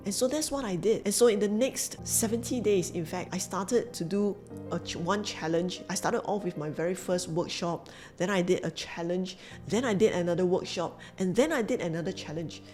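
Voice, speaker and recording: A woman's voice: mid-range voice, a little mellow. Earnest Singaporean woman coach. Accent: Singaporean English. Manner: earnest, emphatic, repeats phrases for emphasis. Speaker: business coach. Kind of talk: motivational storytelling to camera.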